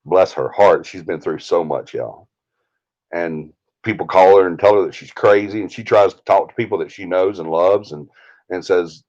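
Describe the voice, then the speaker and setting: A man's voice: low-pitched, normal speed, a little mellow, muffled recording. A man with a Southern US accent hosting a live stream, ranting in a heated, indignant way. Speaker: paranormal team leader, stream host.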